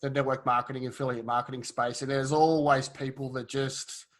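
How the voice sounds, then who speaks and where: A man's voice: mid-range voice, brisk. Easygoing male podcast host. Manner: relaxed, agreeable, stammers on restarts. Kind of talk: casual podcast interview.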